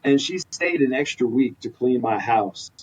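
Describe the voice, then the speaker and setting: A man's voice: medium pitch, lively intonation, moderate pace, darkish tone, husky. A man candidly recounting a personal story as a podcast guest, earnest and rambling with frequent restarts. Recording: distant mic, dull lo-fi sound.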